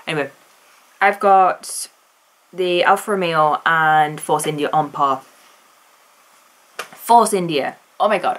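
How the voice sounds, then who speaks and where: A woman's voice: sits low, fairly bright tone. A woman vlogging casually, chatty and enthusiastic, rambling through her opinions with restarts.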